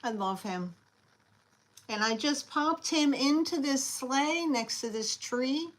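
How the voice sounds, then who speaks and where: A woman hosting a live online sale, chatty and scattered, often pausing with fillers as she shows each item. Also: high-pitched, animated, low-quality recording. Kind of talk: casual live selling chat.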